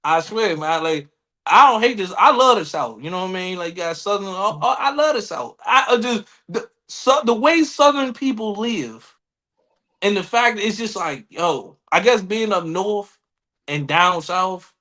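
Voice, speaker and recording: A bright-toned man with a DC-area accent talks fast and loose in a podcast chat. His pitch sits high and swings widely as he acts out other people with loud outbursts. He swears freely throughout. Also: animated. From Washington DC area. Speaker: podcast co-host. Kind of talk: casual chat.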